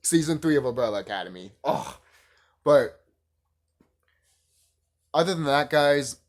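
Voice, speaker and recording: A man casually reviewing a TV show on his channel, excitable and profane, rambling and gushing. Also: fairly high pitch, a little slow. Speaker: YouTube reviewer.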